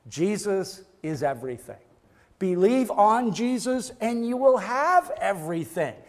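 A man's voice: high voice, a little mellow. A male pastor delivering a fervent sermon, building emphasis through repeated phrases. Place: church sanctuary. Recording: long reverb of a church hall.

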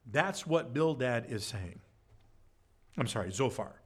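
A man's voice: lively intonation, slow, long pauses, slightly rough. A man preaching a Bible-study sermon, conversational, with frequent "right?" asides and acted-out quotes. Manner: acts out quoted speech with shifts in pitch. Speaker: pastor.

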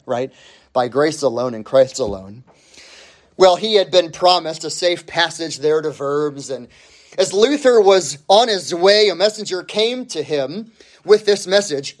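A man preaching a sermon, emphatic, stretching key phrases out slowly and rising sharply on the points he stresses. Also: high-pitched. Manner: emphatic, with slow drawn-out phrases and sudden rises.

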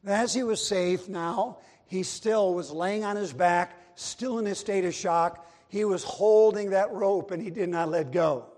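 Man preaching with emphasis and repetition, high voice, hall reverb. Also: a little slow, hardly any pauses, darkish tone. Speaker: Baptist preacher. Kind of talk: sermon with storytelling. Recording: long reverb of a large hall.

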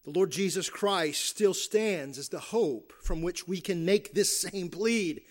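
A man's voice: high-pitched, measured pace. A man preaching a sermon as pastor, earnest, restarting phrases and asking "right?" often. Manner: earnest preaching with repeated restarts and tag questions.

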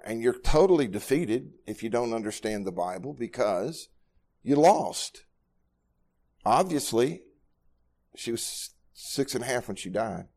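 A man's voice: mid-range voice, darkish tone. A middle-aged man preaching at a Bible study, with a mid-range voice. He speaks earnestly and plainly, often doubling words as he goes. His delivery sounds like a pastor teaching his congregation. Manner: earnest, repeats words when moved.

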